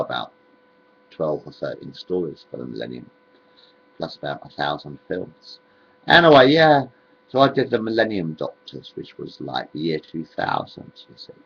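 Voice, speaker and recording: A man's voice: rumbling low, creaky, lo-fi sound, slight background noise. A man, rambling on in a home video monologue, repeating himself and drifting between topics.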